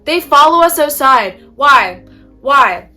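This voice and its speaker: A woman's voice: sits high, lively intonation, takes it slowly, pushed and bright, soft background music. A young woman chatting casually while doing her makeup, telling an exasperated story with casual swearing. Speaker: beauty vlogger.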